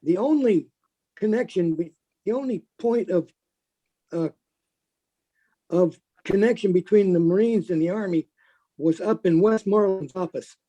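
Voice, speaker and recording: Older vet guy, high-ish mellow voice, blunt, cusses a lot. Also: measured pace, pauses often, low-quality recording. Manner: blunt, swears freely. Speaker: veteran recounting a battle. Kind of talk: unscripted recollection.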